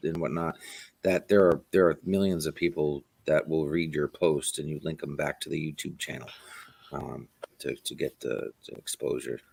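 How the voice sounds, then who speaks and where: Deep-voiced rambling man. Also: fairly even intonation, normal speed, creaky, darkish tone, husky, no echo. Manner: rambling, trailing off, swears. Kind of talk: casual livestream chat.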